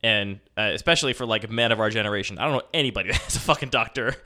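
A man's voice: fairly low pitch, very fast, bright, forceful tone. A young man co-hosting a casual chat, rambling and self-mocking with frequent laughs and restarts. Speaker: podcast co-host.

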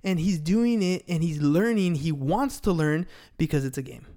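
Male podcast host, thirties, energetic coaching tone, slightly high voice. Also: moderate pace. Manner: energetic, motivational, frequent "right?". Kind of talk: casual podcast chat.

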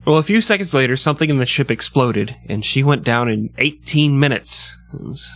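A man's voice: mid-range voice, fairly quick, a bit bright, dry recording. A man hosts a casual history podcast, telling the story with crude jokes and frequent laughter. His voice sits in the middle range. It is recorded dry, close to the mic. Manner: crude, joking, laughs often. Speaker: podcast host.

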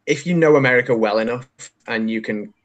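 A man's voice: medium pitch, brisk, lo-fi sound. A man from England, a podcast co-host chatting casually and telling anecdotes with frequent laughter. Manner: chatty storyteller, laughs often, lively when telling anecdotes. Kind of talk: casual chat.

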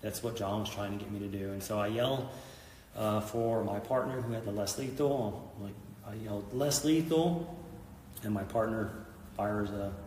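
A middle-aged man with a fairly low voice tells an intense story in an interview and acts out the lines people spoke. He is recorded from a distance in a room with a long, echoing reverb. A faint noise sits behind him. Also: a little mellow. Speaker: police officer, guest.

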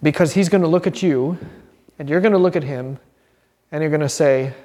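A man with a slightly high voice teaches an informal Bible class, earnest and animated. He breaks into little acted-out quotes and restarts his sentences as he goes. The sound rings with a long hall reverb. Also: fairly quick.

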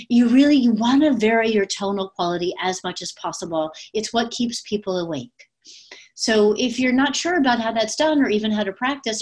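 A woman speaking coach with a mid-range voice talks casually to her webcam at home with her pets around. She uses lots of fillers and gives quick demonstrations of different voices.

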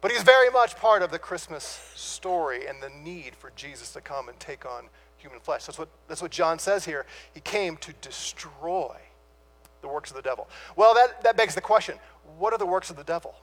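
High-voiced man preaching a sermon. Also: lively intonation, fairly bright tone. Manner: asks the listeners rhetorical questions; dramatic pauses on key words, then rushes on.

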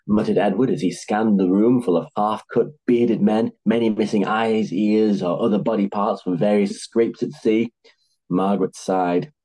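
A man's voice: fairly low pitch, warm tone, husky, poor audio. A man narrating a comic story with dry, wry asides.

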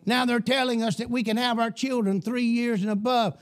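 A male preacher delivering a fiery sermon, often shouting and emphatic. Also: very high-pitched, flat delivery, a little fast.

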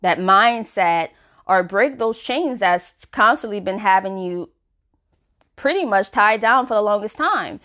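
A woman's voice: medium pitch, expressive, a little slow, fairly bright tone. Woman, podcast host, frank casual self-help talk, chatty, filler-heavy. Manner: chatty, frank, many "you know" fillers.

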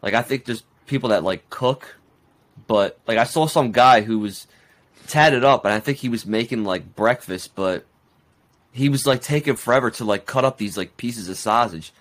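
A man's voice: medium pitch, normal speed, a bit bright. A young man co-hosting a podcast, chatting in a laid-back, bemused way. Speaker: podcast co-host. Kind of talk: casual podcast chat.

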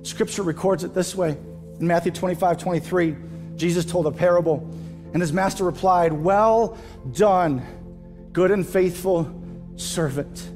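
Male pastor, high voice, impassioned sermon, faint music underneath. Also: steady tone, moderate pace. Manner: impassioned, rising loud and high at emotional peaks. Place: church stage.

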